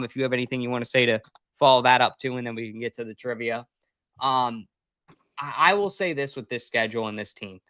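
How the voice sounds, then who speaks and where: Man, podcast co-host, emphatic, opinionated, bright tone. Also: on the high side, dry recording, studio quality. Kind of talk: casual sports chat.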